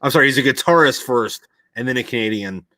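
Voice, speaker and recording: A man's voice: mid-range voice, fast, sharp tone, no echo. A man in casual podcast chat, rambling and swearing a lot, with many fillers. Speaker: podcast host.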